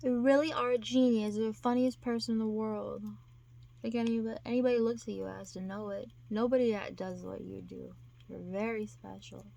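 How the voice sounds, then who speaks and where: A woman's voice: on the high side, steady tone, a little fast, creaky, dark tone. A woman vlogger chatting casually to her camera, rambling and self-deprecating with lots of restarts.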